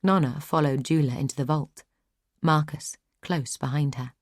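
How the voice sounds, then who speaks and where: A woman narrating a fantasy audiobook in a measured, even storytelling manner. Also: low-pitched, no room sound, clean studio sound. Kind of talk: scripted narration.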